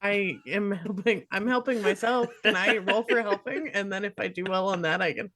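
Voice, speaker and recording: Wry woman player, mid pitch, laid-back self-deprecating chat. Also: moderate pace, a crowd in the background. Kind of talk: casual tabletop play over a video call.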